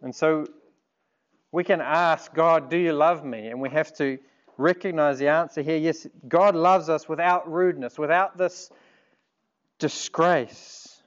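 A man preaching a sermon in an earnest, measured way, asking rhetorical questions. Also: on the high side, dull audio.

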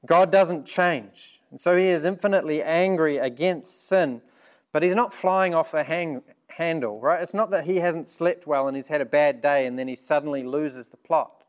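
A man preaching a sermon in an earnest, measured way, asking rhetorical questions. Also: fairly high pitch, lo-fi sound.

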